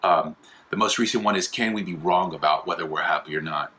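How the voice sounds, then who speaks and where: A young man hosting an apologetics channel, talking casually in a rambling way with many fillers and restarts, and animated when he retells a story. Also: low-pitched, fairly quick. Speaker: host of an apologetics video channel. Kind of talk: casual explainer monologue.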